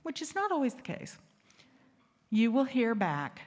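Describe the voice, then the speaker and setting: A woman's voice: a little high, huge pitch swings, unhurried, pauses often. A woman hosting an assembly, telling a candid, funny story to a live audience and asking them questions. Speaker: assembly host. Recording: reverberant hall.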